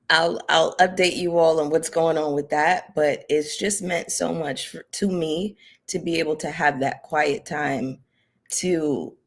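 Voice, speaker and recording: Picture a young woman settled in front of her camera, talking to her regular viewers in an easy, rambling way. Her delivery is sincere and heartfelt. She leans on plenty of filler words as she thinks aloud. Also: low voice. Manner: chatty and heartfelt, many fillers. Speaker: reality TV commentary YouTuber. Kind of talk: casual direct-to-camera chat.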